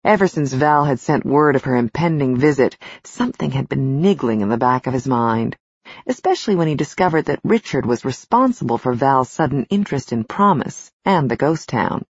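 A woman reading a romance novel as an audiobook narrator, in even, measured storytelling. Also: extremely low pitch, breathy edge, no echo. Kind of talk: scripted narration. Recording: slightly dull, dry studio recording.

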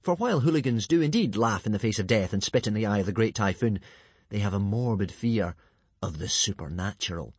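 Husky, lively male storyteller. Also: on the low side, brisk, no room sound. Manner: lively, dramatic. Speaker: narrator. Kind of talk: storybook reading.

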